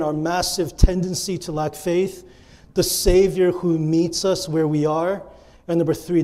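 Mellow-voiced man preaching a sermon. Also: a little high. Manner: earnest, repeats key phrases for emphasis. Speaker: pastor.

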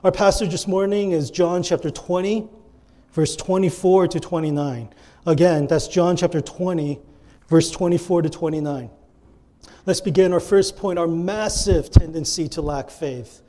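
A pastor preaching a sermon with earnest delivery, addressing the congregation and repeating key phrases for emphasis. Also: male voice, on the high side, normal speed, mellow.

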